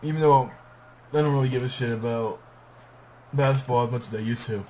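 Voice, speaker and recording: A man's voice: medium pitch, fairly quick, background noise. A young man co-hosting a podcast, talking in a laid-back way, swearing and laughing often. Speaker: podcast co-host. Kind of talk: casual podcast banter.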